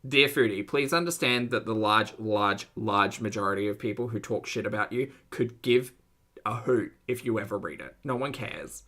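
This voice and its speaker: A man's voice: on the low side, normal speed, sharp tone. A man hosting a reaction commentary, dry and sarcastic, with wry asides. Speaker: commentary host.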